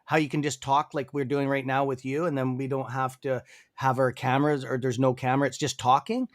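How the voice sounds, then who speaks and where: A man's voice: mid-range voice, level tone, fairly quick. A man with a Canadian accent hosting a live trading stream, enthusiastic and rambling, with lots of fillers. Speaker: livestream host. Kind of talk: casual livestream chat.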